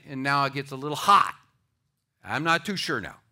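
A man preaching a sermon to a church audience, swinging between loud declarations and hushed asides. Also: on the high side, normal speed. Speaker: pastor.

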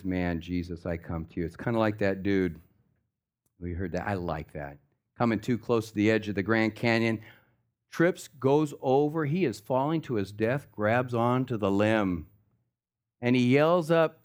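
Animated man preaching a casual sermon. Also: on the low side. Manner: lively preaching, casual slang, acts out stories. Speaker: pastor.

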